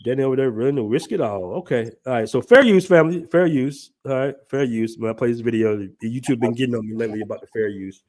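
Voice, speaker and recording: A man with a medium-pitched voice hosts a live stream. He talks loosely and casually, full of slang and asides to his audience. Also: fast, hardly any pauses, a little mellow. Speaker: livestream host.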